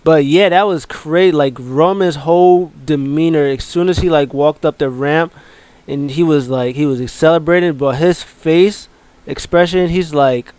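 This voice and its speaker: A man's voice: on the high side, unhurried, a little mellow, smooth, dry recording. A man casually recapping a wrestling show, rambling with many ums and uhs and joking along the way.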